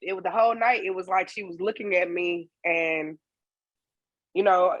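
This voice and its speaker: A woman guest on a casual podcast interview, a singer and percussionist telling stories in a lively way. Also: on the low side, normal speed, no echo, highs cut off. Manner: lively storyteller, acts out dialogue.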